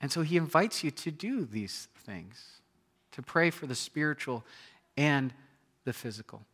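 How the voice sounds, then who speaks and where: Bright-voiced preacher man. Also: a little high, unhurried. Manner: conversational, animated storytelling with many repeated words. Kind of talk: sermon.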